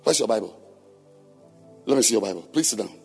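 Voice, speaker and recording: A man preaching to church leaders, questioning members of the congregation and then shouting his points. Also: fairly low pitch, lively intonation, fairly quick, vocal fry, slightly rough, soft background music. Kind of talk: sermon. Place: church hall.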